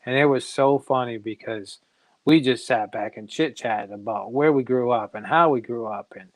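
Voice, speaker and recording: A middle-aged man, a comic creator, telling casual anecdotes in an animated way and acting out other people's voices. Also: medium pitch, moderate pace, no echo, rough recording. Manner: animated, acts out quoted voices.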